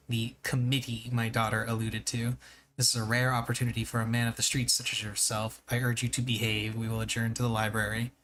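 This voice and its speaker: A man's voice: mid-range voice, fairly bright tone, slight background noise, natural voice, low-quality recording. A man voicing a cold, formal, wealthy older patriarch in a video game, speaking sternly and formally.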